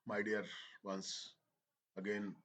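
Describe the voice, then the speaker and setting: A male teacher with a lowish voice speaks to his class. He talks slowly, halts and repeats phrases as he explains. He slips into now and then. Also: completely flat delivery, fairly bright tone. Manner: slow, halting, repeats phrases, switches into Hindi. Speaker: English teacher. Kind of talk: slow spoken lesson.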